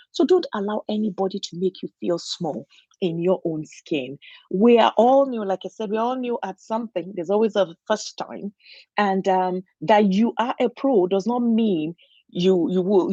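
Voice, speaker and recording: Woman, motivational speaker, husky and breathy, earnest and encouraging, dry muffled lo-fi recording. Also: mid-range voice, a little mellow, dry recording. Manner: earnest, encouraging, many restarts. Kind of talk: inspirational talk.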